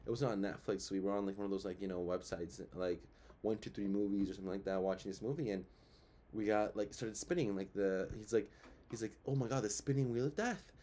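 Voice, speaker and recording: A man's voice: deep voice, steady tone, fast talker, warm tone. A young man hosting his own show, talking through his views in a rambling, casual way, full of fillers and rhetorical questions. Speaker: show host. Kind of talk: casual commentary.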